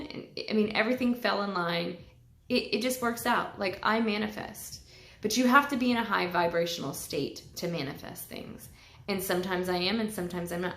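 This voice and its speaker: Her voice is medium-pitched, creaky and a bit bright as she talks casually in a personal vlog, emotional, tearful at moments, and swearing without restraint. The room has noticeable echo.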